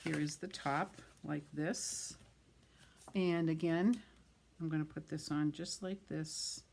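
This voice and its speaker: A woman's voice: sits low, fairly even intonation, takes it slowly, creaky, darkish tone, a little hiss or hum. Chatty woman demonstrating card crafts. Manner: chatty, self-deprecating, trips over words and laughs it off. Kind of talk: craft tutorial, talking while working.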